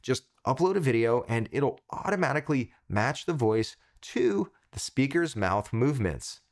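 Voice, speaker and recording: A man's voice: mid-range voice, very animated, moderate pace. A man hosting a tech tutorial, giving an upbeat scripted product review in punchy short phrases.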